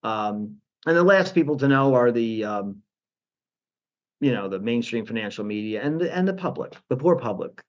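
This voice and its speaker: Animated man on a dull lo-fi line. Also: mid-range voice, moderate pace. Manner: animated, restarts often, mocking quotes. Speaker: guest, portfolio manager. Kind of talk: financial interview.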